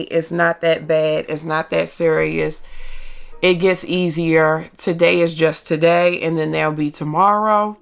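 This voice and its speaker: A mother talking candidly in a personal vlog, slow and halting, with many pauses and ums, open about her feelings. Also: fairly low pitch, vocal fry, a bit bright. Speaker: mother vlogger.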